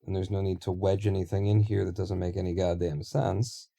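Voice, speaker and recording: A man's voice: deep voice, steady tone, fairly quick, gravelly, warm tone. A man streaming a building game, rambling and thinking aloud in casual talk with offhand swearing.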